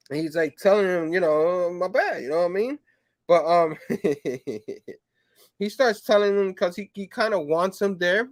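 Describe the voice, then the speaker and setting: Male host, casual review chat, slightly raised pitch, rambling filler-heavy delivery, dry sound. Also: dry recording. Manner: rambling, filler-heavy, animated when acting out quotes. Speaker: comic book show host.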